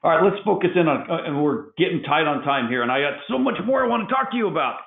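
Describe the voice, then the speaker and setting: A man's voice: fairly high pitch, animated, fast, vocal fry. A man hosting an interview, asking long enthusiastic questions and repeating words as he frames them. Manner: enthusiastic, repeats himself while framing questions. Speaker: interview host. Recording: echoey, phone-like audio.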